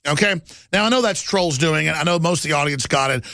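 Male host, combative ranting monologue, gravelly and forceful, raised pitch, dry. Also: quick pace, no echo. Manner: combative, ranting, rising to outbursts. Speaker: talk show host. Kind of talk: talk radio monologue.

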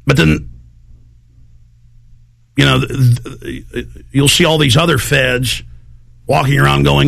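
A man hosting a talk radio show, rambling through an animated monologue and acting out the voices of people he quotes. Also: medium pitch, takes it slowly, creaky, long pauses.

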